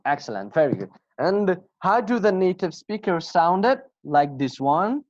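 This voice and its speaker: A man teaching an English class online, slowly repeating example phrases and asking students questions. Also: high voice, sing-song, a little mellow, no echo. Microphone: video call. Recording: dull lo-fi video call audio.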